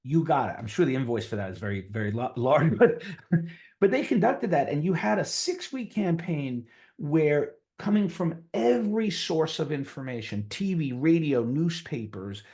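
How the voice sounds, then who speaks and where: A middle-aged man with a New York accent, a physician guest on a conversational interview, telling stories with lively pitch swings. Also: moderate pace. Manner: animated storyteller, voices quotes with big pitch jumps.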